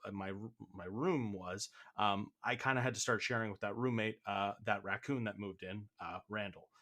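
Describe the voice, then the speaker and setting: A man's voice: on the low side, normal speed, fairly bright tone. A young man co-hosting an improvised comedy podcast, rambling and laughing, often cutting himself off, a bit out of breath. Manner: rambling, self-interrupting, laughing. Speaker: co-host.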